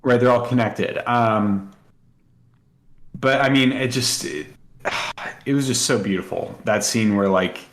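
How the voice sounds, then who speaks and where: A man's voice: mid-range voice, a little slow, long pauses, reverberant. A man co-hosting a podcast, chatting casually and emotionally with many fillers. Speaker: podcast co-host. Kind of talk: casual chat.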